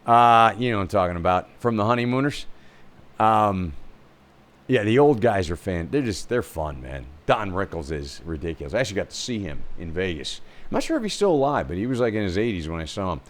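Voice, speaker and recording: A man's voice: lowish voice, very animated, a little fast. A man hosting his own show, chatting loosely and rambling through news and clips with frequent fillers. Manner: rambling, full of fillers and restarts. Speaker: realtor hosting a commentary stream. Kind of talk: casual rambling commentary.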